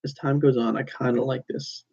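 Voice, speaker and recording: A man's voice: medium pitch, flat delivery, normal speed, gravelly, warm tone, breathy edge, dull audio. A young man in his twenties hosting a casual solo podcast, rambling through stories with lots of "like"s and self-corrections. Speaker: podcast host.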